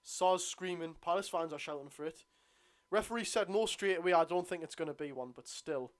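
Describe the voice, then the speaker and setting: A tired Geordie man hosting a live football watchalong, bursting out at the referee and grumbling low between plays. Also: a little fast, no echo. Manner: excitable outbursts at the referee, then low grumbling asides. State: tired, yawning. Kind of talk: live football watchalong commentary, reading chat.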